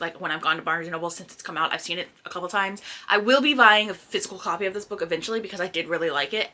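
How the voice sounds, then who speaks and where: A young woman talks through her reading in a loose, rambling way, often doubling back on her words. Her voice sits in a middling pitch with a clear, bright edge. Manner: chatty and scattered, many restarts and fillers. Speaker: book vlogger. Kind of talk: casual chat. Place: indoors at home by a sunny spot.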